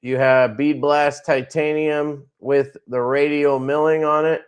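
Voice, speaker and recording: A man's voice: a little high, flat delivery, measured pace, clear, resonant tone. A man hosting a casual livestream from his knife company, showing products in a laid-back, rambling way with crude jokes.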